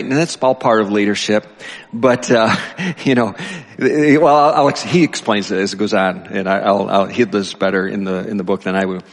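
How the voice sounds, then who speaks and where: A man's voice: lowish voice, moderate pace. A male pastor preaching a sermon in a loose, conversational way, with many fillers and restarts, recorded in a church hall with long reverb.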